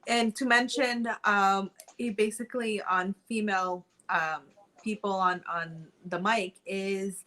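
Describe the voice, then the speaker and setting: A woman's voice: medium pitch, fairly even intonation, slow pace, sharp tone. A woman co-hosting a casual show, speaking hesitantly with many ums as she tells an anecdote. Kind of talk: casual talk show chat.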